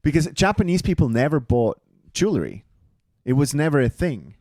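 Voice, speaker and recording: A man's voice: fairly high pitch, very animated, normal speed, a little mellow, no echo, studio quality. A man co-hosting a casual podcast, teasing and chatting. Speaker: podcast co-host. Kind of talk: casual chat.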